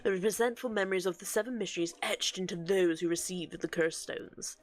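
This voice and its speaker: A woman reading game dialogue aloud for an earnest, scholarly male occult researcher, with a measured, explanatory delivery. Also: lowish voice, lightly acted.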